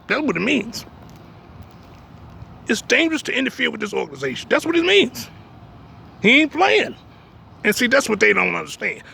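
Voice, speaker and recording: A man's voice: very high-pitched, very animated, moderate pace, creaky, pauses often, bright, forceful tone, a little hiss or hum. A man preaching in a blunt, emphatic way. He keeps asking "you understand me?" and drops streetwise jokes between points. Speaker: religious teacher. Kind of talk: preaching talk.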